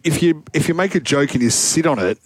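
A man's voice: on the high side, animated, quick pace, no room sound. Jokey man co-hosting, dry close sound. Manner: teasing, jokey. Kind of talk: casual radio banter.

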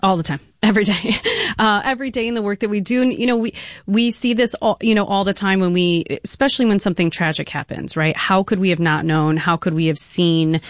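A woman's voice: mid-range voice, brisk, dry recording, clean studio sound. A woman expert on a talk show, explaining things animatedly with analogies. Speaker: domestic violence expert guest.

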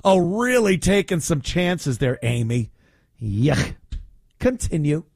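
A man's voice: fairly high pitch, sing-song, slow, creaky, darkish tone, no room sound. A man hosting a podcast, mocking a clip with exasperated, sarcastic commentary and teasing baby talk. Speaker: podcast host reacting to a clip.

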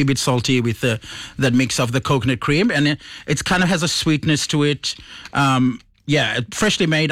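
A man's voice: medium pitch, fairly bright tone, no echo. A man from Fiji, a chef guest, chatting casually in a studio interview and enthusiastically describing dishes in detail.

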